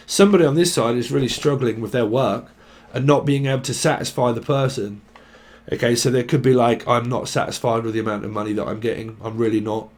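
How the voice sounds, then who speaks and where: A man giving a rambling, casual tarot reading, swearing and jumping between word associations. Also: medium pitch. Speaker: tarot reader.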